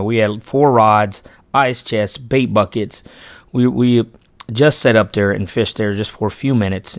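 A fishing channel host and father narrates a vlog in a casual, rambling way about a day of fishing with his son, often restarting and correcting himself. He sounds earnest and grows emphatic when praising his son. His voice is lowish and the recording is dry.

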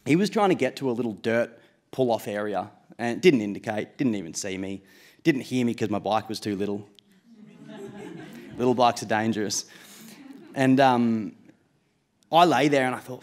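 A man's voice: mid-range voice, expressive, brisk, darkish tone. A man in his late twenties with an Australian accent, telling a true story live on stage in a casual, self-mocking way, with swearing and laughs.

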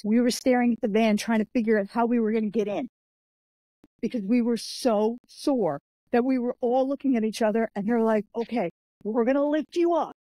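Briskly and a little high-pitched, with no echo, the author and martial artist shares stories as an interview guest. She is chatty and animated, performs the voices of the people she quotes, and uses many "like" and "I'm like" fillers.

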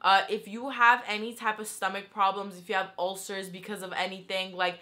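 A young adult woman telling a story in a casual, animated vlog style, saying "like" constantly. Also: medium pitch, a little fast. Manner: chatty and animated, heavy use of "like". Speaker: vlogger.

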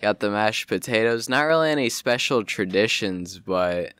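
A man's voice: on the low side, animated, normal speed, fairly bright tone, clean tone, dry recording. A teenage boy chatting as a podcast guest in an easygoing, matter-of-fact way. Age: teens. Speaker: guest, football player. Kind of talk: casual chat.

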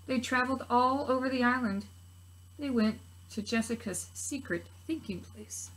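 A woman teacher reading a picture book aloud to preschool children, gently expressive with soft asides to her listeners. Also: fairly high pitch, moderate pace, rough recording. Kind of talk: children's story read-aloud.

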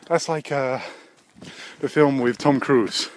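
A man talking on his own podcast, wandering from thought to thought in a loose, profane ramble. His delivery stays deadpan, steady and unhurried, with fillers scattered through his sentences. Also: medium pitch, no room sound. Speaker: podcast host. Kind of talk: rambling solo comedy podcast.

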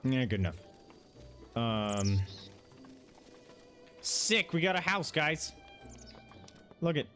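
A man's voice: medium pitch, sing-song, slow pace, pauses often, pushed and bright, faint music behind. A young man hosting casual let's-play commentary, goofy and self-deprecating. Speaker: gaming channel host.

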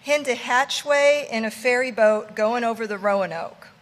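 A woman's voice: fairly high pitch, normal speed, close to an everyday voice. A woman doing a sullen old ship's cook. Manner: muttering, testy, preacher-like cadence.

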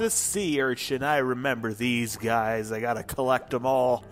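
A man giving casual, rambling commentary while playing a game, profane and excitable. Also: mid-range voice, moderate pace, soft background music. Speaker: let's play host.

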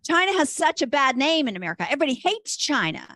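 An older woman from Texas, doing a stand-up comedy set, lively and self-deprecating. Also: sits high, quick pace, no room sound, studio quality. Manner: lively, self-deprecating, puts on voices for quoted people.

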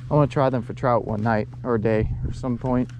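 A man's voice: steady tone, a little fast, darkish tone. A man giving joking, casual commentary while fishing from a small boat on shallow marsh water. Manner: joking, talks to fish in a silly high voice. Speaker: fishing vlogger. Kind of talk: casual outdoor vlog commentary. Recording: wind and water noise outdoors.

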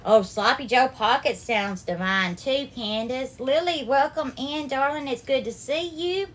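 A woman hosting a live cooking stream, warmly greeting viewers by name and calling them darling and sweetheart. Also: high voice, unhurried, slight background noise. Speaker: cooking livestream host.

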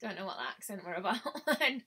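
Bubbly bright-voiced woman on a webcam. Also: mid-range voice, expressive, a little fast, slightly rough. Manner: chatty and bubbly, greeting viewers by name. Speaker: beauty vlogger. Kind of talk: live-stream casual chat.

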